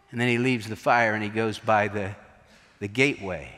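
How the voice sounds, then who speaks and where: A man's voice: fairly low pitch, normal speed, sharp tone, big-room sound. A man preaching a sermon as a pastor, telling the story dramatically and acting out the quotes.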